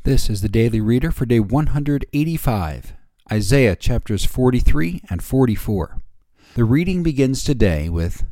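A man hosting a daily Bible reading podcast, giving devotional commentary in a measured way and slowing down for quoted scripture. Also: mid-range voice, warm tone, no room sound, studio quality.

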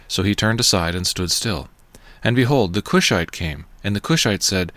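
Male scripture reader, low voice, dry, measured delivery. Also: no room sound. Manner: steady, measured, solemn. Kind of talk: scripted Bible reading.

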